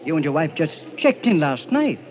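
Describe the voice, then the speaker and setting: A man's voice: on the high side, big pitch swings, moderate pace, darkish tone, a little hiss or hum. An actor playing a prying male hotel desk clerk in an old radio drama. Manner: prying, officious. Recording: dull old radio recording with crowd.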